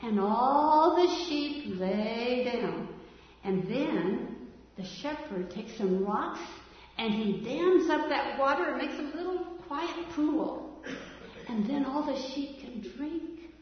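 A woman telling a story to a child in a gentle, coaxing way, asking the child to join in. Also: sits high, expressive, takes it slowly, a little hiss or hum. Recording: echoey room from far off, dull sound.

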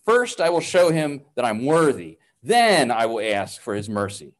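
An anxious, guilt-driven brother earnestly insists he must earn his way back, as a man reads him aloud. The pitch rises and falls widely as he pleads, in a storybook telling. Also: sing-song, measured pace.

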